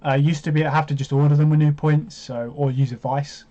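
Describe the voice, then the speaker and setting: Male streamer, slightly high voice, rambling commentary with excited outbursts, dull lo-fi audio. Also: a little fast. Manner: chatty, hesitant, bursts into excited reactions. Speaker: live stream host. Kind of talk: live watch-along commentary.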